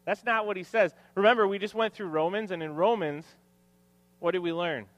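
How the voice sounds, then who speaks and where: A pastor in his thirties gives a sermon in a church hall, pairing scripture with funny stories that poke fun at himself and his family. His voice sits high, he speaks at normal speed, and the recording is dry.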